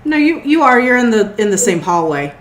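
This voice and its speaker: A woman's voice: fairly high pitch, very animated, brisk, echoey room, a little hiss or hum. A woman narrating a tabletop role-playing game as game master, in a loose, filler-filled way. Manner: loose, with frequent fillers and restarts.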